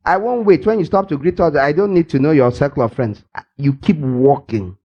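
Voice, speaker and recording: An older man preaching, his voice pitched high with a gravelly rasp running through it. He teases his congregation playfully, acting out little everyday scenes to make his point. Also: a little fast, dull audio. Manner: playful and teasing, acts out scenes, laughs often. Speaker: pastor. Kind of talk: lively church sermon. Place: church hall.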